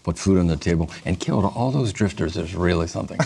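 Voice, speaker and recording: A man's voice: low-pitched, fast, gravelly. A man guesting on a talk show, reading jokes aloud in a playful, self-deprecating way and laughing at his own punchlines. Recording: noisy studio audio.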